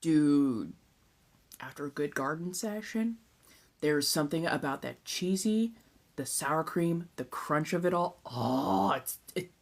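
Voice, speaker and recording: This is a woman from Southern California with a fairly low voice, chatting loosely on a phone live stream. Her ASMR talk is relaxed and easygoing, and she drops into breathy whispers between her normal lines. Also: slow. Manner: chatty and relaxed, drifts into soft whispered asides, casual swearing.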